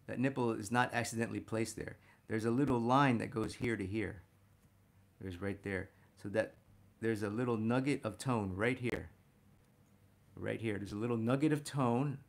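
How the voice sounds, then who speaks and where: A man teaching a figure drawing lesson as he sketches, talking warmly to viewers as "my friends" and getting excited about the details he spots. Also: medium pitch, moderate pace, gravelly. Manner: enthusiastic, talks to "my friends" while drawing. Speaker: art instructor.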